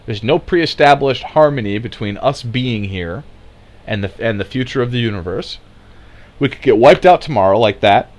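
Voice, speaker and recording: A man's voice: medium pitch, animated, normal speed. A man delivering sarcastic, mocking political commentary, swearing freely as he rants.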